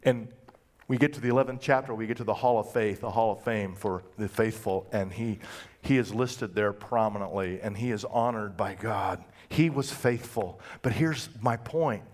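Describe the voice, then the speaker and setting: A male pastor preaching a sermon, telling the story in a folksy, conversational way and acting out the quotes. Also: normal speed. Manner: folksy storytelling with acted-out quotes and big pitch swings.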